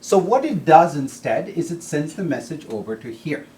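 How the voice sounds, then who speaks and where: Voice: mid-range voice, very animated, normal speed, dark tone, slight background noise. A lecturer giving a classroom lecture, often checking in with the students by asking "okay?" and "right?", and restarting sentences mid-thought.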